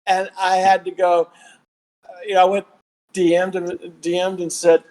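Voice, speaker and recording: A man's voice: high voice, completely flat delivery, normal speed, darkish tone, low-quality recording. A man from the American South with a Southern accent, telling rambling stories in a casual podcast chat, with lots of restarts. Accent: Southern American, Texas. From Southern United States. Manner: rambling storyteller with many restarts. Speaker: podcast guest.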